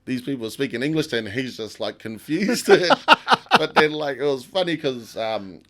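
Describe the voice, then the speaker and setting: A man with a New Zealand accent and a medium-pitched voice speaks at normal speed as a podcast guest; he's a tattoo artist. In casual chat, he swears, laughs often, and retells stories animatedly.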